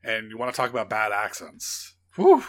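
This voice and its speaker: A man's voice: fairly low pitch, huge pitch swings, normal speed, a bit bright. A man co-hosting a podcast, chatting casually and enthusiastically about films, teasing his co-host and laughing easily. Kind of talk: casual film chat.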